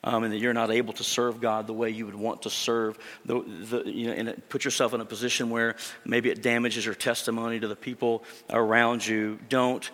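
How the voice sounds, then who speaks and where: A male pastor delivers a sermon in an earnest, conversational way, often pausing on fillers and restarting his sentences. His voice sits at an ordinary middle pitch. The sound carries a long reverb from a church hall. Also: flat delivery, fairly bright tone.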